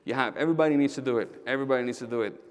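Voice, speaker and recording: Male keynote speaker, mid-pitched, energetic, tells stories and asks the crowd questions. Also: very fast, clear, resonant tone. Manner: energetic, directly addresses the audience; storytelling with quoted dialogue. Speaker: keynote speaker, roofing company owner. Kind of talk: conference keynote talk.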